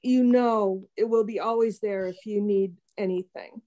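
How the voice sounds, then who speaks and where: A woman's voice: mid-range voice, fairly even intonation, a little slow, warm tone. A woman in her sixties sharing a personal testimony with a Bible study group, rambling and heartfelt with many fillers. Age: 60s.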